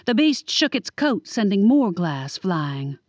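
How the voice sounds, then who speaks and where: A woman narrating a first-person audiobook in a lively, wry storytelling manner. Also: medium pitch, slow pace, dry recording. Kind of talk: scripted narration.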